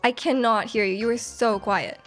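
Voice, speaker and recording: A woman's voice: on the high side, fairly even intonation, moderate pace, a bit bright, soft background music. A woman live-streaming a video game, chatting casually with her chat, giggling often and reading messages aloud.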